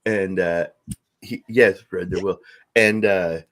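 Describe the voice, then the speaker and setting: A man telling a profane, animated story on a casual podcast and acting out what people said. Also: sits low, slow. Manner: profane, animated storyteller who acts out quotes. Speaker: podcast host.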